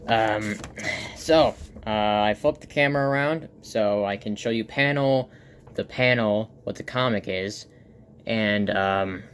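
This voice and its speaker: Raspy male vlogger, rambling show-and-tell, ordinary pitch, faint background hiss. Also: slow pace. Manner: rambling, many fillers and restarts. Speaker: comic artist and vlogger.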